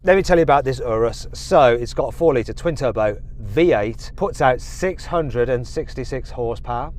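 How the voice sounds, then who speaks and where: A man's voice: medium pitch, animated, normal speed, a little mellow, slight background noise. A middle-aged man presenting a car show in a jokey, self-mocking, chatty way from inside a car. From England. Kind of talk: jokey car review chat.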